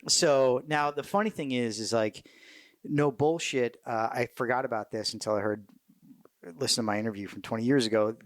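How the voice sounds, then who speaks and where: A middle-aged man, a military veteran, telling war stories in a casual interview, cursing freely, animated and laughing as he goes. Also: medium pitch, normal speed, dry recording, clean studio sound. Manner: profane, animated, laughs mid-story.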